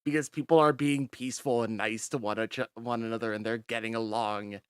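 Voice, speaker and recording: A man's voice: mid-range voice, fairly even intonation, brisk, clean tone, no room sound, studio quality. A man narrating as game master in a tabletop game, laid-back and chatty.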